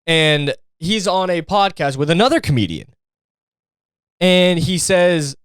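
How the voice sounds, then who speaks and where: A man's voice: sits high, sing-song, unhurried, a bit bright, clear, resonant tone, no echo. Sarcastic young man ranting on a podcast. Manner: sarcastic, profane, fired-up ranting. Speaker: podcast host. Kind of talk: casual solo podcast rant.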